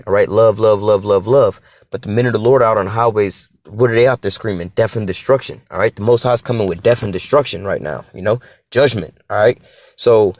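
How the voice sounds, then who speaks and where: A man's voice: on the low side, no room sound. A man preaching informally on scripture in an emphatic, profane street style, checking in with "all right?" and "you know?".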